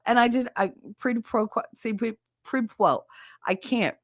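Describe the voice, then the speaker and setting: A woman's voice: fairly high pitch, a little slow, no echo, clean studio sound. A woman hosting a podcast from her bedroom at home, chatting casually with her live viewers, swearing freely and laughing often at herself. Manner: chatty and self-mocking. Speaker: podcast host.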